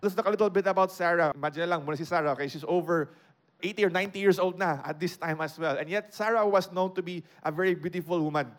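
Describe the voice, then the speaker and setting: A man with a Filipino accent teaching a sermon, switching between English and Cebuano, and getting louder to stress key points. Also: high voice, fast. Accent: Filipino, mixing English with Cebuano. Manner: explains a scripture passage, code-switching and raising his voice for emphasis. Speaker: preacher.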